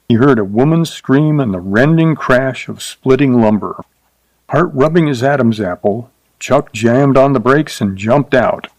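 A man narrating a short story in a steady, even storytelling voice, adding light character voices. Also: mid-range voice, no echo, poor audio. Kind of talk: scripted audiobook narration.

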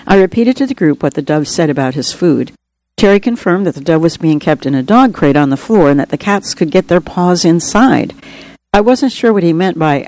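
Author reading their own memoir aloud, earnest and steady, plain storytelling. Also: medium pitch, normal speed, poor audio.

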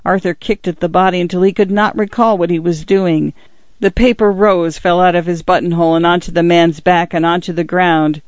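A man narrating a story in a measured storytelling manner. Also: high voice, steady tone, no echo. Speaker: audiobook narrator. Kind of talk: scripted narration. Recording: slightly dull, dry read.

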